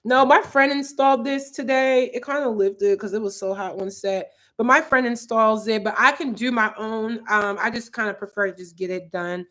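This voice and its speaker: A woman's voice: fairly high pitch, normal speed, hardly any pauses, sharp tone. A woman in her twenties from Philadelphia, chatting loosely on a livestream and reading out viewer comments, full of "like" and "um". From Philadelphia, USA. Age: 20s. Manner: chatty and rambling, lots of "like" and "um". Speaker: YouTuber hosting a livestream. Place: her apartment.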